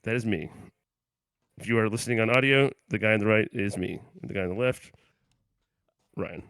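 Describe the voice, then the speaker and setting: Bright-voiced crude comedy podcast guy. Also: fairly low pitch, fairly quick, gravelly, clear, resonant tone, no echo. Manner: mock-aggressive, crude, swings from mumbling to loud hype greetings. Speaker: podcast co-host. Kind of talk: casual comedic banter. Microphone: remote podcast call.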